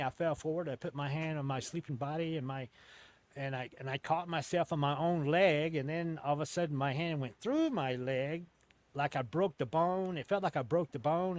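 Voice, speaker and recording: An interview guest with a voice a little higher than most men's recounts an encounter in a long, loose, conversational story. He often backtracks and restarts, dropping casual swear words along the way.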